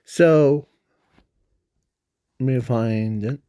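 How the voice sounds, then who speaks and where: A man's voice: medium pitch, very slow, mellow, clear, resonant tone. A man telling an unscripted fan story in a rambling, hesitant way, full of fillers and self-corrections.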